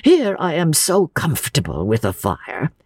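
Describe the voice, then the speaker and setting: A woman voicing a gentle, weary old man who speaks slowly and in a low hush. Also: huge pitch swings, husky, no room sound, studio quality, exaggerated voice. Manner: slow, soft, low and hushed.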